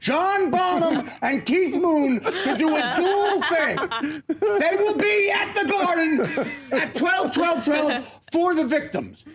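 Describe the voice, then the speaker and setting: A man mimicking a pompous, domineering rich man who yells at his staff. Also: high voice, big pitch swings, fairly quick, gravelly, hardly any pauses, crowd noise, voice pushed up, exaggerated voice. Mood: blustering. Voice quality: yelling, domineering.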